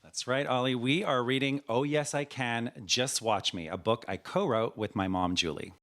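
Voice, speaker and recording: A man's voice: mid-range voice, normal speed, fairly bright tone. A man, a children's book author, talking earnestly in an interview and telling his story with many "you know"s.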